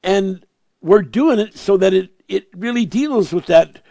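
A man preaching a sermon, emphatic, repeating words for stress, reading scripture slowly and swinging from loud proclamations to quiet asides. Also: high voice, animated, creaky, no room sound, clean studio sound.

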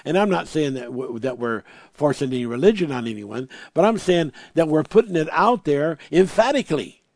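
This slightly high, sing-song preacher delivers an emphatic sermon, repeating words for emphasis and reading scripture at a slow pace. He alternates booming declarations with hushed asides, and the studio-quality audio has no echo.

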